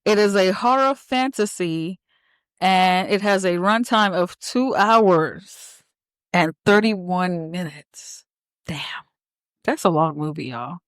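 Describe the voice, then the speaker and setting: A young woman hosts a casual podcast, chatty and bossy with her co-host. Her voice sits a little low and sounds smooth and clean, recorded close with a dry sound. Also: takes it slowly, dry recording. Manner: bossy, teasing, chatty with fillers.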